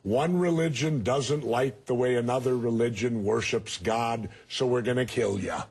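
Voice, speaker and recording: A man's voice: medium pitch, normal speed, a little mellow, slight background noise. A man in his sixties, a TV interview guest, arguing bluntly and emphatically. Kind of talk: TV news interview.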